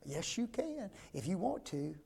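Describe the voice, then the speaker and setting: High-voiced gravelly preacher, older man. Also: very animated, unhurried, warm tone. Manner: folksy, asks the congregation rhetorical questions. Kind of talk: sermon.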